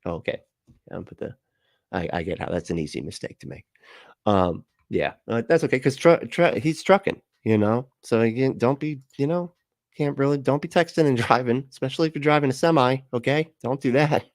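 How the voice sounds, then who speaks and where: A man's voice: medium pitch, animated, a little fast, no room sound, clean studio sound. A man hosting a casual livestream, reading chat messages aloud, laughing often and swearing casually as he rambles.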